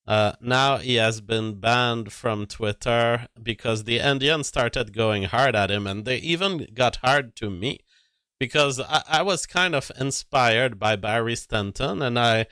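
A man's voice: mid-range voice, sharp tone, clear, resonant tone, no echo, studio quality. A man telling a rambling story to his audience, often restarting his sentences. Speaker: commentator.

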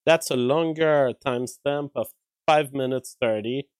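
A man's voice: mid-range voice, unhurried, darkish tone, smooth, dry recording, poor audio. A man commenting live on an interview clip, analytical and thinking aloud through his own compressed mic.

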